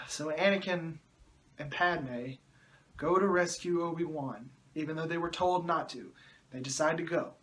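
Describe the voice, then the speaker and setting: A man's voice: a little high, normal speed, fairly bright tone. A man reviewing a movie in a sarcastic, exasperated way, often groaning and mocking the dialogue.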